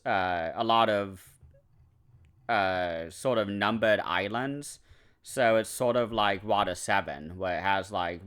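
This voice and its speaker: A man's voice: fairly low pitch, bright, forceful tone, clean tone. A man giving a casual, enthusiastic anime review, rambling with fillers and self-corrections.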